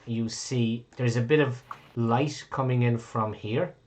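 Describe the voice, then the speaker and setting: A man's voice: mid-range voice, fairly even intonation, a little slow, a little mellow, slight background noise. Man game master, rambling. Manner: rambling, self-correcting, casual swearing. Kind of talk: running a tabletop game online.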